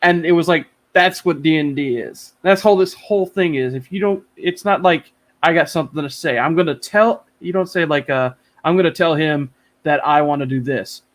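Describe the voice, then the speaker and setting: A man with a slightly high voice talks over a video call from home. He rambles excitedly and swears freely as he chats as a guest. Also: moderate pace. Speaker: interview guest. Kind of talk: casual chat.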